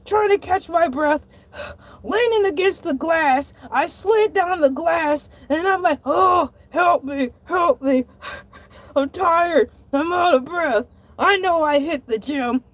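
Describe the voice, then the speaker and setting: A woman voicing an excitable male shark who tells a comic story in a dramatic, exasperated way and sometimes bursts into shouting. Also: very high voice, measured pace. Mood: panicked. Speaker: show host.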